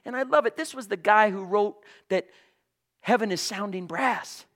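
Impassioned preacher man, high bright voice. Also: moderate pace. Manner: impassioned, swings from shouting to whispers. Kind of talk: sermon.

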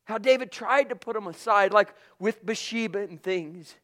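A man preaching a sermon with passion, swinging from loud calls to hushed asides. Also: high-pitched, moderate pace.

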